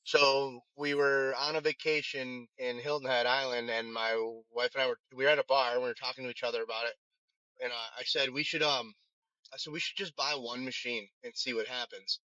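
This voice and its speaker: A man's voice: medium pitch, steady tone, a little fast, pushed and bright, no room sound. A man, a firefighter who runs a vending business, telling his story in a casual interview with many restarts and fillers. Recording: dull, lo-fi sound.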